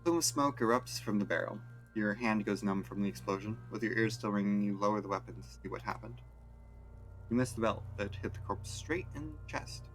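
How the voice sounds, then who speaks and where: A man streaming a video game, reading its text aloud in a flat, deadpan way with wry asides. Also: lowish voice, brisk, faint music behind.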